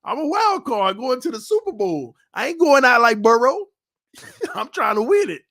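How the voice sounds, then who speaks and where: Loud playful man hosting a stream. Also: very high voice, sing-song, moderate pace, no echo, studio quality. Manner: loud, playful trash talk with frequent laughs. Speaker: YouTube channel host. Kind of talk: casual live-stream chat. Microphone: desk mic, no headphones.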